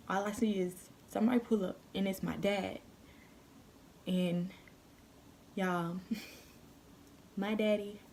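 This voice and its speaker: A young woman telling a story on her vlog, animated and profane, full of slang. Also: medium pitch, vocal fry, slight background noise. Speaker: vlogger.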